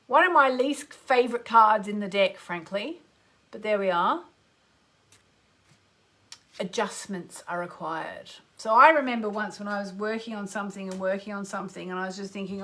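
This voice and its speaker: A woman's voice: mid-range voice, normal speed, a bit bright. Chatty middle-aged Australian woman astrologer. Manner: chatty and enthusiastic, greets listeners by name. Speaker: astrologer hosting a live radio show. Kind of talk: live show chat with oracle card readings.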